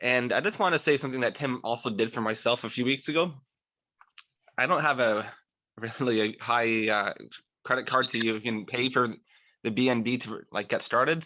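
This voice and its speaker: Bright-voiced man on muffled call audio. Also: mid-range voice, normal speed. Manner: eager, grateful, a bit nervous. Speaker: caller on a video call. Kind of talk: grateful testimony on a call. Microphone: video call.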